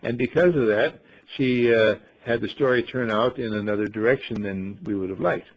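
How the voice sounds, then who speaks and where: A man's voice: medium pitch, moderate pace. A man giving a storytelling talk, who asks rhetorical questions and playfully acts out the scenes he describes. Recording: dull lo-fi recording.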